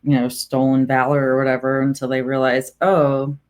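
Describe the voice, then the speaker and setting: A woman's voice: rumbling low, completely flat delivery, brisk. A woman as a podcast guest in casual political chat, sardonic and argumentative, making her points with rhetorical questions and occasional swearing.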